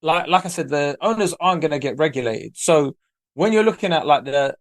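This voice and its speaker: A man's voice: on the high side, animated, fairly quick, no echo, clean studio sound. A man co-hosting a podcast, telling stories in casual, slangy, emphatic talk. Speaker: podcast co-host. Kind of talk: casual chat.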